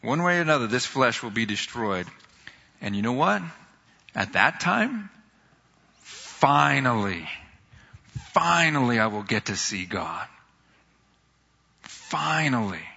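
Guy preaching in a church, bright voice, kinda dull sound with a long hall echo, earnest storyteller. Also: slightly rough. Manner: earnest, storytelling, rises in pitch when excited, slows for scripture. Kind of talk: sermon. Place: church sanctuary.

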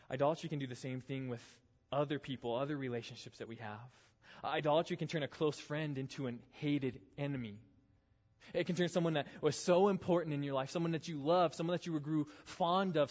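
A man preaches a youth sermon in a church hall, earnest and building through repeated phrases before falling quiet. His voice sits at an ordinary pitch, and the lo-fi recording carries a long hall reverb. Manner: earnest, builds intensity in repeated phrases then drops soft. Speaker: youth pastor. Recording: echoey hall, dull lo-fi sound.

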